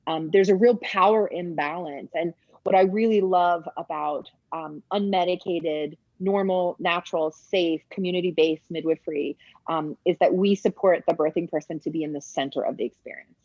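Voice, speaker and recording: A woman midwife talks through a birth video with eager, explaining commentary, pausing often on little ums. Her voice is husky and a touch breathy, close and dry, with a slightly dull, lo-fi sound. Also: on the low side, dry recording. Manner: warm enthusiastic explaining with many ums.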